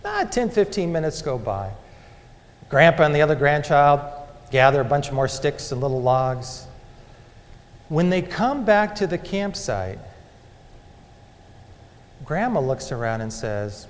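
A man preaching a sermon as a dramatic story, moving between loud and hushed delivery. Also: a little high, big pitch swings, unhurried, pauses often. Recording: long hall reverb.

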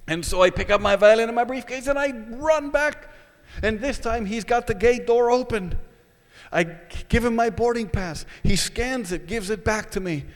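High-voiced man telling a lively story. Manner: animated, dramatic retelling with vivid pauses. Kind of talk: personal story told to an audience. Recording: echoey hall.

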